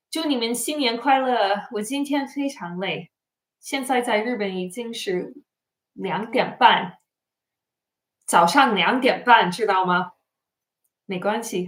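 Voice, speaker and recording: A woman's voice: fairly high pitch, roomy sound. A tired woman hosting a casual livestream, chatting and reading out viewer comments. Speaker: livestream host. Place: home in Japan.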